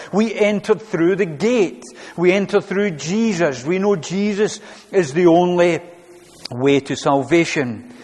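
A man's voice: a little high, darkish tone, big-room sound. A man preaching a sermon to his congregation, earnest and repeating his phrases as he goes. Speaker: pastor.

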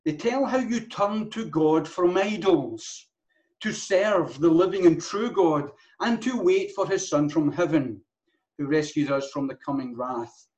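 A man's voice: a little high, a little slow, a little mellow, low-quality recording. A man preaching a sermon as the church's pastor, earnest, often restarting and repeating words.

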